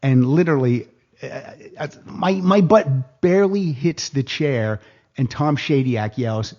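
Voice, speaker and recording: A man telling a casual anecdote on a podcast, animated, jumping higher in pitch when he quotes people. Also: a little slow, highs cut off. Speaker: guest storyteller.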